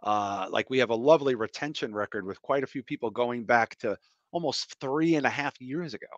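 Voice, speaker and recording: A man's voice: medium pitch, a little fast, no room sound, muffled recording. A man hosting a casual podcast, chatting loosely and profanely, full of fillers. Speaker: podcast host.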